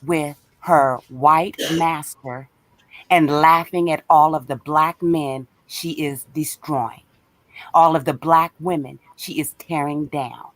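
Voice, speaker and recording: A woman's voice: low-pitched, steady tone, slow pace, no room sound. Indignant woman guest on a livestream. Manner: earnest, indignant, repeats herself, hesitant restarts. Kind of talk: heated livestream discussion.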